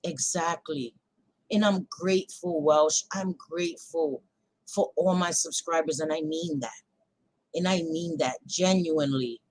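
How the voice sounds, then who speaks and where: This woman has a deep voice and a measured pace, heard through poor audio. As a livestream host she vents angrily to her chat with plenty of swearing, her casual tirade rising into loud outbursts and dipping into quieter stretches.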